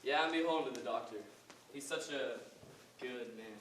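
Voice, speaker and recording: An actor playing a humble, working-class male orderly in a school stage play, speaking in rough, plain talk. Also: mid-range voice, moderate pace, a bit bright, a little hiss or hum, natural voice. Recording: echoey stage recorded from far off.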